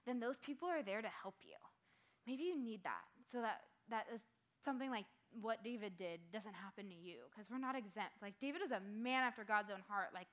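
A young woman leads a youth group in a casual sermon, her voice bright and edged with a higher pitch. She talks excitably with many "like" fillers, jumping from loud exclamations to quiet, earnest urging. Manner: excitable, full of "like" fillers, swings from loud outbursts to hushed earnest talk.

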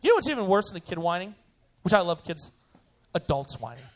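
A young man, a youth pastor, giving a joking, animated sermon to students. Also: high voice, a little fast. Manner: animated and joking, acts out voices.

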